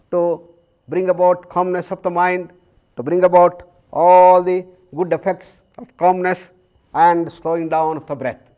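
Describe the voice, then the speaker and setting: A man with an Indian English accent giving a calm, measured yoga lecture, explaining breathing practices with long pauses. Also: fairly high pitch, dull audio. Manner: chants Sanskrit verses slowly. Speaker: yoga teacher.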